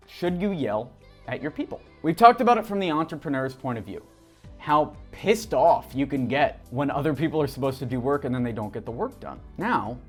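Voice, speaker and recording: Male business vlogger, mid-pitched voice, frank and profane with a joking edge. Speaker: business coach and entrepreneur. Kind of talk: casual vlog monologue.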